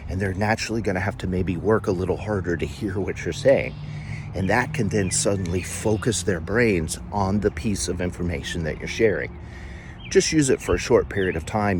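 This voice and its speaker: Low-voiced emphatic male trainer. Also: a little mellow, a little hiss or hum. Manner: emphatic, varies volume and pauses for effect. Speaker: corporate trainer. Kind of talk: instructional talk to camera.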